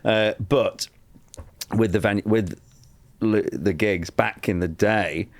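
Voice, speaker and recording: A man's voice: lowish voice, slow pace, no echo. English comedian guy spinning a yarn on a podcast, acts out the quotes, keeps cracking up. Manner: storytelling with acted-out quotes, laughing often. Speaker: comedian guest. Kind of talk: animated anecdote on a podcast.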